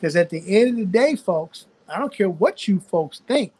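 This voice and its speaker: A man's voice: sits high, animated, moderate pace, darkish tone, husky, poor audio. An older man with a Louisiana Southern accent, a physician guest talking folksy and preachy in a live online chat over a video call.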